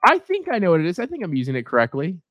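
A man's voice: high-pitched, racing, dry recording. A young man co-hosting a podcast in casual, joking chat. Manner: joking, animated. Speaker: podcast co-host.

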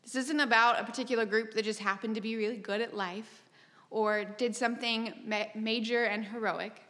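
A woman pastor delivers her sermon in a somewhat high voice, measured and emphatic, slipping in dry, wry asides. Her words ring out with a long reverb from a large church hall. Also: steady tone, fairly bright tone.

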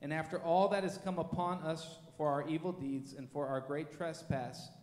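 A man reading scripture aloud in a church with a steady, measured delivery. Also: on the high side, a little hiss or hum. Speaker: scripture reader. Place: church sanctuary. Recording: echoey church hall with long reverb.

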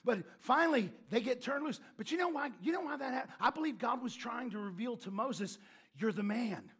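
A male preacher with a very high, husky voice delivers a lively sermon. He tells stories and now and then shouts a line for emphasis. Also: fairly quick. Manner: animated storytelling with shouted emphasis and laughs.

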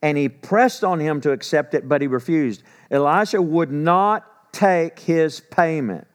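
A man in his sixties with a drawl, teaching scripture in a folksy way. His voice sits a little high for a man. He reads verses and then retells them in everyday talk. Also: measured pace. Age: 60s. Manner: folksy, paraphrases scripture in a lively conversational voice. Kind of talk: Bible teaching.

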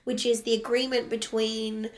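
A woman's voice: on the high side, little pitch movement, normal speed. A woman co-hosting a podcast, casually explaining history, laughing often and swearing freely. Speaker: podcast co-host.

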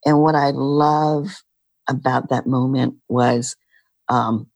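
A middle-aged woman guest in an interview, speaking in a halting, reflective way with many fillers. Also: very deep voice, fairly even intonation, a little mellow, no room sound. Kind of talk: casual interview talk.

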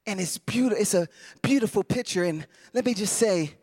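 A man preaching a sermon, heartfelt and emotional, often restarting his phrases and chuckling, moving between soft, low passages and louder bursts. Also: lively intonation, a little fast, dry recording, studio quality.

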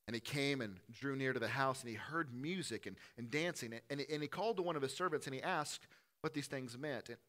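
A man preaching a sermon in a church, impassioned, building to loud lists and dropping to soft pleading. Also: mid-range voice. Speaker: pastor.

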